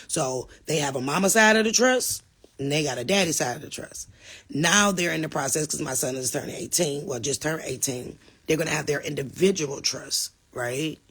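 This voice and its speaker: Middle-aged woman host for a live chat Q&A: emphatic, forceful, bright tone, calls the audience y'all. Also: deep voice, breathy edge. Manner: animated and emphatic, addresses the viewers as y'all. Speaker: livestream host answering viewer questions. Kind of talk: casual live Q&A reading chat comments.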